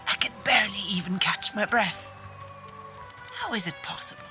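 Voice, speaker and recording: A woman's voice: fairly high pitch, slow, pushed and bright, soft background music. An actress voicing a terrified woman in a game, gasping and out of breath as she pleads to be left alone. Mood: panicked. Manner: frantic, choking and fearful.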